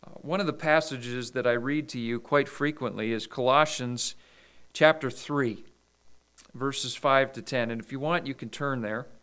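Man preaching in a clear, smooth voice. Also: mid-range voice, fairly bright tone. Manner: measured preaching with scripture readings and small restarts. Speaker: pastor. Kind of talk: sermon.

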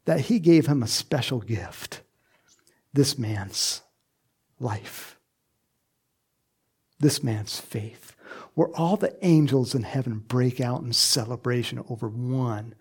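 A man preaching a sermon in a lively way, acting out quoted voices and laughing often. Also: mid-range voice, takes it slowly, long pauses, husky. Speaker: pastor.

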